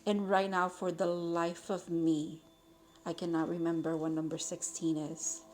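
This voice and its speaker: Chatty young woman doing a tarot reading, kinda low voice, lots of ums and likes. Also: level tone, a little slow, darkish tone, faint music behind. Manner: chatty, rambling, with frequent fillers and self-corrections. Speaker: tarot reader. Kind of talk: casual tarot reading to camera.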